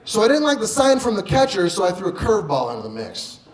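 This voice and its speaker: A man doing stand-up, telling a story in a loud, punchy way with swearing and acted-out quotes. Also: high-pitched, wildly swooping pitch, quick pace. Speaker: stand-up comedian. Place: comedy club stage. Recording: roomy club sound with audience noise.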